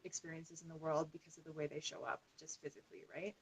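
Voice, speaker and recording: A woman wellness coach as a podcast guest, talking in an animated way with frequent "like". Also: deep voice, fast, a little hiss or hum, low-quality recording. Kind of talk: conversational podcast interview.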